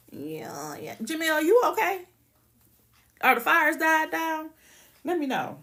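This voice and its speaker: A woman's voice: sits high, big pitch swings, slow, pauses often, pushed and bright. A woman hosting a casual livestream, ranting bluntly and profanely and greeting viewers by name. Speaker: livestream host.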